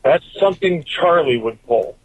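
A man's voice: a little high, animated, moderate pace, breathy edge, no echo, rough recording. A man giving a profane, rambling rant as a listener's recorded message to a podcast, swearing constantly and drifting from point to point.

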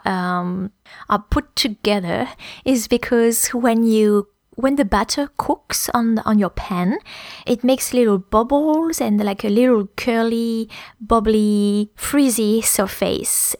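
In a clean, dry studio recording, a woman with a medium-pitched voice and a French accent hosts a podcast language lesson. As a French teacher, she explains words carefully and spells them out letter by letter.

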